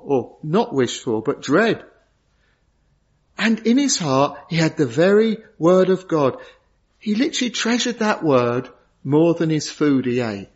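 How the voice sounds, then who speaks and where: Man, middle-aged, sermon, earnest, short phrases, higher voice, dull lo-fi recording. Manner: earnest, pausing in short phrases, rising to emphasis. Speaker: preacher. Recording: dull lo-fi sound.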